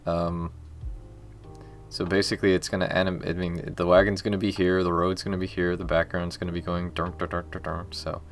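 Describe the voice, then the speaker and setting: A man from Miami, a game developer streaming, chatting casually and thinking aloud in a soft voice that trails off mid-sentence. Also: sits low, level tone, brisk, soft background music. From Miami, United States. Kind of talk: casual livestream chat.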